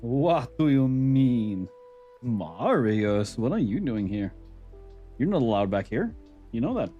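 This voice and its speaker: A man with a Norwegian accent chats loosely with his stream audience, his voice sitting at an ordinary middle pitch. He rambles and chuckles, slipping into small rants. Soft music plays faintly behind him. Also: sing-song, takes it slowly, muffled recording. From Norway. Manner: rambling, chuckling, mildly ranting. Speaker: livestreamer. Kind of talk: casual chat with viewers.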